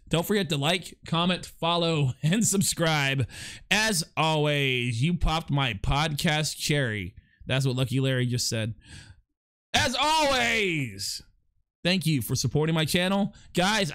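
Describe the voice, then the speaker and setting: A man's voice: fairly high pitch, a bit bright. A young man hosting his first live podcast, chatting casually and rambling, stammering as he reads out and answers viewers' chat. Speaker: live podcast and stream host.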